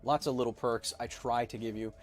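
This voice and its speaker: A man's voice: medium pitch, steady tone, fairly quick, faint music behind. Caffeinated man rambling on a livestream. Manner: rambling, self-described super caffeinated. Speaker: podcast host reading chat. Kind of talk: casual livestream chat.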